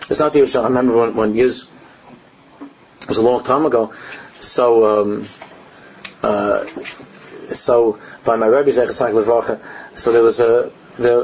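A man's voice: mid-range voice, a little mellow, slightly rough. An older man, a rabbi giving a Torah class, telling stories animatedly, laughing at his own anecdotes and mixing Hebrew and Aramaic phrases into his English. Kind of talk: Torah lesson with storytelling. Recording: dull lo-fi recording.

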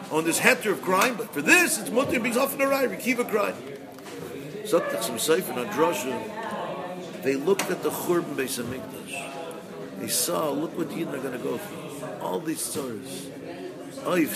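A man giving a Torah lecture, swinging from excited bursts to hushed, emotional passages. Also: a little high, vocal fry. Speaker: rabbi teaching a Torah class.

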